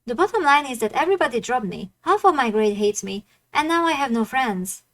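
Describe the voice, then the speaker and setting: A woman's voice: a little high, animated, brisk. A woman voicing a hurt, upset teenage girl betrayed by her friends, reading the game dialogue aloud in a plain voice.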